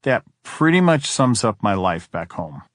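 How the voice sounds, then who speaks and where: A man's voice: lowish voice, sing-song, a little slow, no room sound, studio quality. A man narrating an audiobook, reading diary entries in a weary, brooding first-person tone.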